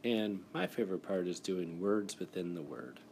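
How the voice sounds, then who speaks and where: A man with a very low voice walks young students through a spelling exercise on a screencast. His delivery is encouraging and methodical. A faint hiss sits under the recording. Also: lively intonation, moderate pace, vocal fry, darkish tone. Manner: encouraging, explains step by step. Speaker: teacher. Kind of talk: classroom screencast lesson. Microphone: device mic for screen recording.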